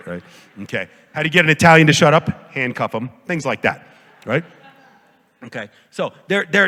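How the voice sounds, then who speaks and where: Animated man lecturing in a reverberant hall. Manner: animated, jokey, acts out quotes with big pitch jumps. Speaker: professor lecturing. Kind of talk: conference lecture.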